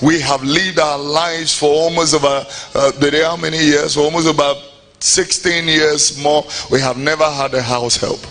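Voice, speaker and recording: Bright animated preacher guy, little background noise. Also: fairly high pitch, moderate pace. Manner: lively, shouts and sings phrases. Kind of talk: preaching clip.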